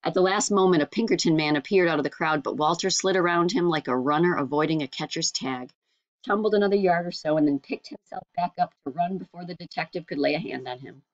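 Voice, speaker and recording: A woman narrating an audiobook in a measured storytelling manner. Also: lowish voice, no echo, highs cut off.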